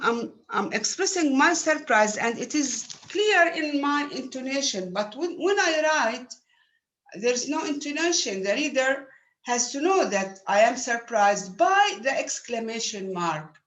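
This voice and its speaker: A woman university lecturer, explaining a lesson slowly and patiently with many fillers. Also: sits high, lively intonation, fairly bright tone. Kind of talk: recorded online lecture.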